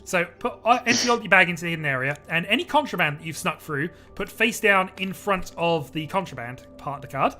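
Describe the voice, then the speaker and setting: A man hosting a casual online board game, briskly explaining the rules to his friends. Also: sits high, animated, bright, forceful tone, soft background music. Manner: brisk, chatty rule explaining.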